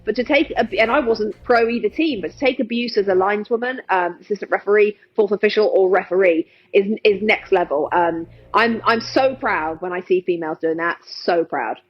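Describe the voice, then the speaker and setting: A woman's voice: mid-range voice, fairly quick, few pauses, dull audio. A middle-aged woman with an English accent, a sports television host chatting as a podcast guest in an emphatic, earnest way. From England. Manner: emphatic, earnest, repeats words for stress. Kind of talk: casual interview chat.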